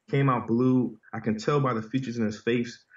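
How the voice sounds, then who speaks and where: A man's voice: medium pitch, fairly even intonation, fairly quick, darkish tone. A man guest in a conversation, earnestly recounting a personal story with lots of "you know" and "man". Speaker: podcast guest. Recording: roomy, distant, dull sound.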